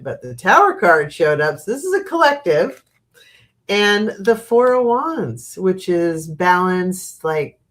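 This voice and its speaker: A middle-aged woman hosting a live tarot reading, chatty and laughing often, with casual swearing. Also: lowish voice.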